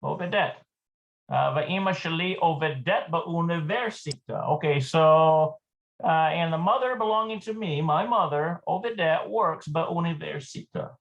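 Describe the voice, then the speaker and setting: A man with a fairly high voice and a gravelly edge of vocal fry walks through a language lesson in a relaxed, unscripted way. He thinks aloud and pauses to search for words. He repeats each word slowly as he teaches. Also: highs cut off. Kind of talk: casual lesson walkthrough.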